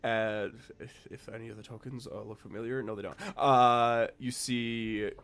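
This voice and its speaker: A man's voice: medium pitch, fairly even intonation, normal speed, fairly bright tone. A man narrating as game master of a tabletop game, rambling and hesitant.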